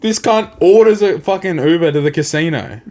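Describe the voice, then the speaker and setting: A young man co-hosting a podcast, telling sweary, animated stories in casual banter. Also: fairly high pitch, fairly quick. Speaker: podcast co-host.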